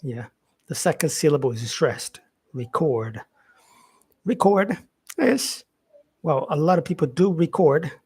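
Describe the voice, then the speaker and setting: Guy teaching english on a live stream, bit husky, kinda high, keeps saying yeah. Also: animated, a little mellow. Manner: explains slowly, with many fillers and repeated "yeah". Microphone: facing camera, streaming live.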